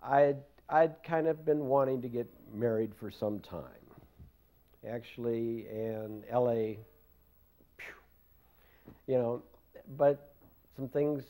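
Older man, casual storyteller, rambling and self-deprecating, quick to laugh. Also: mid-range voice, warm tone. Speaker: devotee recalling memories.

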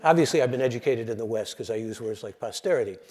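A man's voice: mid-range voice, fast talker, husky. An older man giving a lecture, telling jokes and acting out the voices in them. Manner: animated storyteller, acts out joke voices. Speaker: lecturer and radio host.

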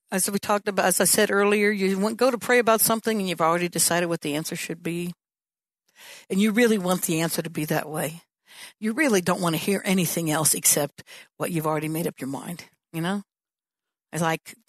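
A woman pastor delivers a teaching sermon in a relaxed, conversational manner. She keeps a middle pitch and slips into the voices of the people in her stories. Her voice sounds close and dry, with no room echo. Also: fairly quick. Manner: conversational, acts out prayers and dialogue in changing voices. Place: church.

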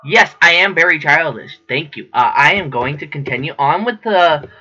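A man giving excitable, profane, joking commentary while playing a horror game. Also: on the high side, moderate pace. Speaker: gamer. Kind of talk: let's play commentary. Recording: dull lo-fi recording with faint game music.

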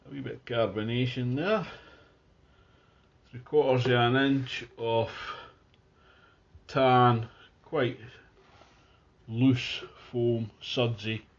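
A man giving a casual, chatty beer tasting review at home, describing the beer in relaxed detail. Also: medium pitch, takes it slowly, long pauses, dull audio. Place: at home near his Christmas tree.

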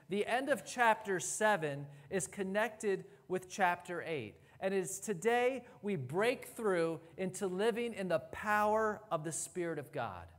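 Pastor, male, high voice, emphatic preacher with deliberate pauses; long church reverb. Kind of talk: sermon. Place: church sanctuary.

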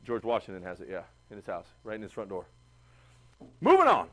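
A man teaching a history class, chatty and animated, asking the class questions. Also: on the low side, a little fast. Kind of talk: classroom lecture.

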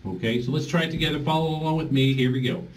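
His slightly high voice races along as he teaches a group voice therapy class. The instructor coaches each stage in turn and sings vowel exercises for the group, heard through a distant mic with a little background noise.

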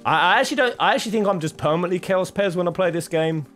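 A man commentating his own gameplay, swinging from quiet mumbling to sudden yells. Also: high voice, racing, few pauses, faint music behind. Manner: excitable, swings from mumbling to yelling. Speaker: gaming streamer.

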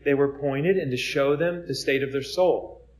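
A man's voice: mid-range voice, normal speed. A man, a Catholic friar, giving an informal preaching talk in a conversational way, full of rhetorical questions and repeated words as he restarts.

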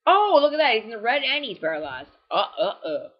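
Young man rambling excitedly over gameplay. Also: very high voice, a little fast, muffled recording. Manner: excitable, rambling, many fillers and self-corrections; prone to sudden voice cracks. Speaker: game walkthrough commentator. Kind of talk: casual gameplay commentary.

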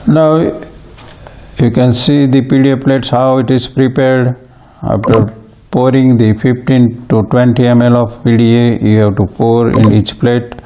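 A man giving a plant pathology lecture, slow and halting, with frequent fillers and restarts. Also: mid-range voice, level tone, dark tone. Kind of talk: recorded university lecture.

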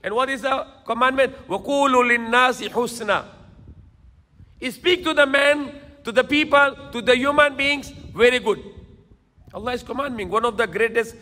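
A man's voice: very high-pitched, moderate pace, sharp tone, big-room sound. A man preaching a sermon lecture in emphatic, repetitive phrases, now and then switching into Tagalog. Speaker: Islamic preacher.

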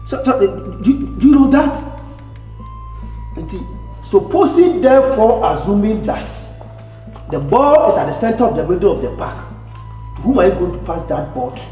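A domineering Ghanaian father in a comedy film, preaching proverbs and Bible lessons in a high, swooping voice. His stern lectures ring through an echoey, hall-like room over faint music. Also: mellow. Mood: lecturing. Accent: Ghanaian English. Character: strict boastful father, middle-aged man.

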